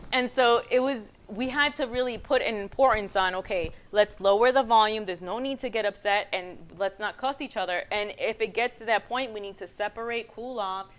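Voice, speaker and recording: A woman giving a talk as guest speaker on a mic, telling stories in an animated way, acting out quotes and laughing. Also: mid-range voice. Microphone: handheld mic.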